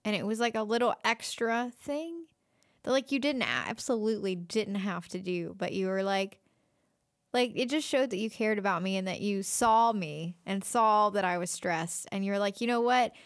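A woman co-hosting a casual podcast with her partner, talking softly and letting her sentences trail off. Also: medium pitch, normal speed, dry recording, studio quality. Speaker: podcast co-host. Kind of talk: casual couple's podcast chat.

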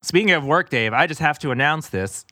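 A man's voice: on the high side, animated, brisk, pushed and bright, no echo, studio quality. A man in his forties, co-hosting a podcast, telling a rambling story in casual chat and laughing often. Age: 40s. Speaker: podcast co-host.

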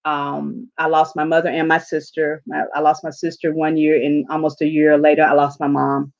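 A low, gravelly voice at normal speed belongs to this woman, a life coach from the southern United States; the highs are cut off. She tells her story in an interview, animatedly acting out her own dialogue.

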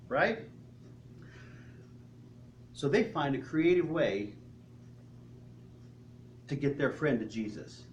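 A male pastor preaching a sermon, telling the story in an animated way and asking the congregation questions. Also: medium pitch, slow pace, long pauses, a little hiss or hum. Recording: echoey hall, faint ambience.

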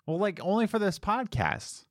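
Male co-host, teasing and playful, lively swings in pitch, dry close sound. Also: moderate pace, no echo. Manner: joking, teasing. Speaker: podcast co-host. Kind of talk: casual chat.

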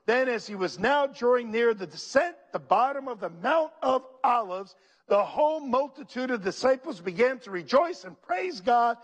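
A man's voice: very high voice, moderate pace. A man preaching a sermon, calling out to his congregation and reading scripture aloud. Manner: animated, preacherly, calls out to the congregation. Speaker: pastor.

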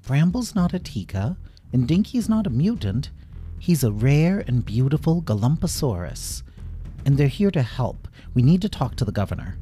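A man voicing a young girl creature who is earnest and defiant, speaking high and emphatic. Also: big pitch swings, moderate pace, dark tone, soft background music, natural voice. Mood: insistent.

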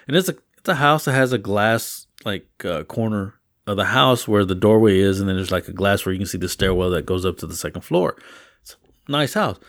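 A man, co-hosting a podcast, retelling his rideshare trips in a rambling, animated way with frequent exclamations. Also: on the low side, fairly quick. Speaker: podcast co-host. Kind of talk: casual storytelling chat.

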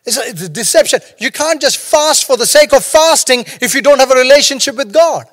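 A man's voice: extremely high pitch, animated, fairly quick, fairly bright tone, big-room sound. A man preaching a sermon as pastor, talking conversationally and joking between stories. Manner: humorous, conversational preaching with storytelling asides.

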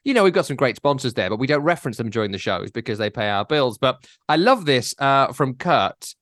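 A man's voice: medium pitch, sing-song, brisk, a bit bright, dry recording. A man hosting a podcast, rambling and teasing his co-host in casual chat.

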